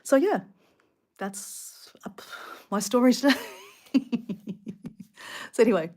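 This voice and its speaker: A woman's voice: a little high, animated, moderate pace, darkish tone. An older Australian woman chatting casually on a travel livestream. She rambles and laughs at herself, with plenty of fillers and restarts. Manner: chatty and self-deprecating, lots of fillers and restarts. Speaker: travel vlogger. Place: small hotel in France at night.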